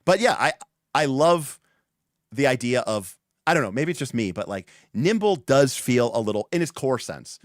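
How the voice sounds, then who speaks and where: Animated, rambling male livestream host. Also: medium pitch, normal speed, dry recording, studio quality. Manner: animated and rambling, with restarts and fillers. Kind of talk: casual livestream chat.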